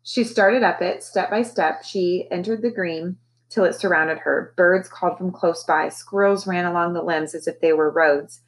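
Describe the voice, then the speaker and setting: A woman teacher reading a novel aloud to her class, with expressive, animated storytelling. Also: lowish voice, moderate pace, low-quality recording.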